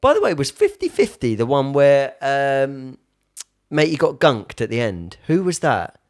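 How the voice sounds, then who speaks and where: A young British man co-hosting a podcast, chatting in an animated, hesitant way. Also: medium pitch, measured pace. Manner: animated, hesitant, many fillers and restarts. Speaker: podcast co-host. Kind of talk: casual chat.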